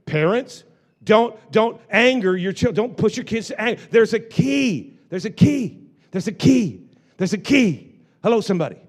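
A male pastor preaching a lively sermon to a live congregation, repeating phrases and joking with the people in the pews. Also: high-pitched, normal speed. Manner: animated preaching with repetitions and asides to the congregation.

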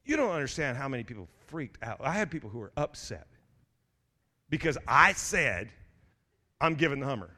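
A middle-aged male pastor preaches in a church, telling stories loosely and conversationally, with frequent restarts and stammers and call-outs to the congregation. His mid-range voice is very animated, pushed and bright, at a moderate pace.

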